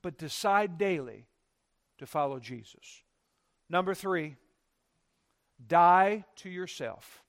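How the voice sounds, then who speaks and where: Male pastor, high voice, emphatic sermon delivery in a church. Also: animated, takes it slowly, long pauses. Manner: emphatic preaching with sweeping loud and soft swings.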